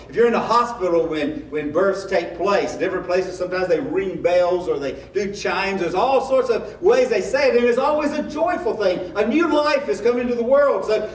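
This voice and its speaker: A man's voice: high voice, slight background noise. A man preaching a sermon as a pastor, in a conversational style with rhetorical questions. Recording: echoey room, mic at a distance.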